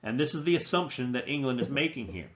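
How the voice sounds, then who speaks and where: A man's voice: medium pitch, animated, quick pace. Guy lecturing history off the cuff, lots of uh's and restarts, mid voice, kinda muffled recording. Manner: unscripted, many restarts and "uh" fillers. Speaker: history teacher. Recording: slightly dull lo-fi recording.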